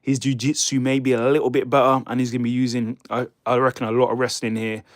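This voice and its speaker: A man's voice: mid-range voice, level tone, quick pace, no echo. Male streamer, loose chatty delivery, trips over names, dry mic. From United Kingdom. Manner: rambling, stumbles over fighter names, chats with viewers. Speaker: livestream host. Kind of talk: casual live-stream fight predictions.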